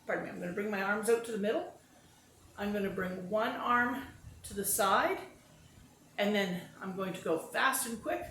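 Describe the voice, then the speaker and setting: A woman in a casual vlog, chatty and self-deprecating, narrating her movements step by step. Her voice sits at an ordinary middle pitch. The room echoes noticeably, with a faint hum of ambience behind her. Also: fairly bright tone. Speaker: vlogger demonstrating exercises and telling stories. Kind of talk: casual talk to camera. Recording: roomy echo with faint ambience.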